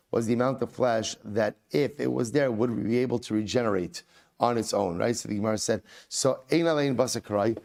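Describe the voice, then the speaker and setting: A rabbi teaches a Talmud passage with a gravelly edge to his voice. He reads the quoted lines and then walks through them, posing questions and answering them himself. He keeps repeating key points so they stick. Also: medium pitch, darkish tone. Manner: asks and answers his own rhetorical questions; reads Aramaic and Hebrew quotes, then paraphrases. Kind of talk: Talmud lesson, explaining aloud.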